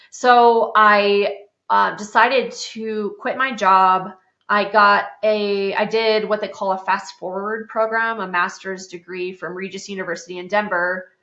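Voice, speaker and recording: A woman's voice: medium pitch, a bit bright. A woman in her thirties from South Dakota, hosting a podcast and telling her own story in a chatty, candid way, full of "like" and the odd swear word. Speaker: podcast host. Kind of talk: casual personal storytelling. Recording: roomy, slightly dull podcast sound.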